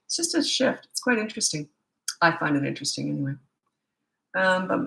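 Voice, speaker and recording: A woman's voice: on the low side, big pitch swings, a little fast, vocal fry, a bit bright, reverberant. A middle-aged woman coaching parents in a rambling, chatty live Q&A with many asides. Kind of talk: casual live Q&A.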